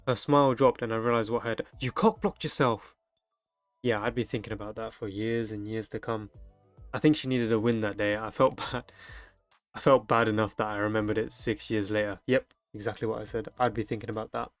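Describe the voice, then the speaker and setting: A young streamer reads delivery-driver stories from the internet aloud, cutting in with crude jokes as comedic commentary. His voice is mid-range and the recording is dry.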